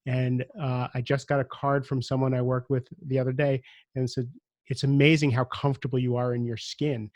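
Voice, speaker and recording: A man's voice: mid-range voice, flat delivery, a little fast, darkish tone, no room sound, studio quality. A middle-aged man with a Brooklyn accent hosting a podcast, chatty and reflective, with some teasing. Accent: Brooklyn, New York. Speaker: podcast host. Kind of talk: conversational interview hosting.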